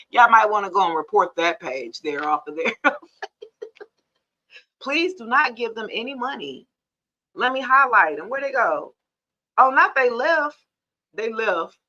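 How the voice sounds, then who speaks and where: A woman's voice: medium pitch, unhurried, long pauses. Chatty woman live-streaming. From Georgia, US. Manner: chatty and animated, addresses viewers as y'all, laughs often. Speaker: tarot reader and live-stream host. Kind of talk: casual live-stream chat. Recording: somewhat dull lo-fi live-stream audio.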